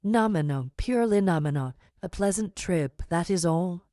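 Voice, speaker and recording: A woman voicing a large, scheming middle-aged man in an audiobook, unctuous and measured as he persuades. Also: on the low side, animated, dark tone, no echo, studio quality, close to an everyday voice. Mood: smooth persuasive. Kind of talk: audiobook character reading.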